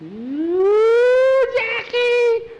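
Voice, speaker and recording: A man's voice: very animated, very slow, echoey room, muffled recording, slight background noise, full character voice. A man voicing a frightened boy who shrieks in panic to get away. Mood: panicked. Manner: shrill, panicky yelps. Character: scared jumpy boy Skeeter, panicky.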